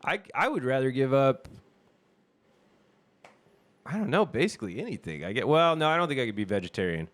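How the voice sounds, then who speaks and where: A man's voice: medium pitch, very animated, a little fast, pauses often, a bit bright. A man co-hosting a podcast, chatting casually and rambling through a story he retells with laughs. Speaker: podcast co-host. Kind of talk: casual chat.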